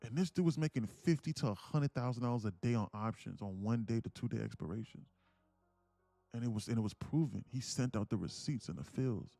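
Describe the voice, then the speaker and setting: A man's voice: medium pitch, expressive, brisk, vocal fry, dark tone, no echo, soft background music. A young man hosting a live day trading stream, talking passionately and emphatically, swearing freely. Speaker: day trading livestream host.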